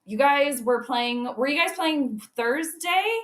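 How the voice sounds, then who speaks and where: Chatty woman streamer, high voice. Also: animated, takes it slowly, a bit bright. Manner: chatty, greets viewers by name; laughs often between remarks. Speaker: livestream host. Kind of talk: casual livestream chat. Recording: roomy echo.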